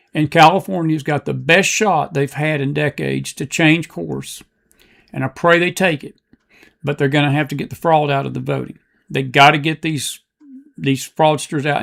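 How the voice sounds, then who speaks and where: A man's voice: a little high, vocal fry, fairly bright tone. A man hosting a political talk show, giving impassioned, repetitive commentary in front of a live audience.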